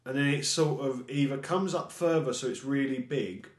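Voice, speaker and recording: A man's voice: medium pitch, moderate pace. Laid-back man, echoey room. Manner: laid-back, swears casually. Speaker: podcast co-host. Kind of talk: casual chat. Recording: roomy echo.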